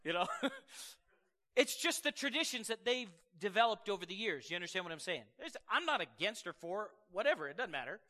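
Animated high-voiced pastor in a church hall. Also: male voice, a little fast. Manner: conversational, laughing asides, animated storytelling. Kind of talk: sermon. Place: church sanctuary.

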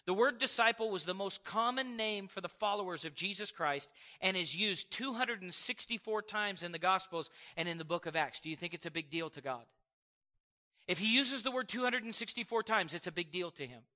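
A man in his forties preaching a sermon to a congregation, animated and storytelling, with chuckles and acted-out quotes. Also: sits high, a little fast. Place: church service before a congregation.

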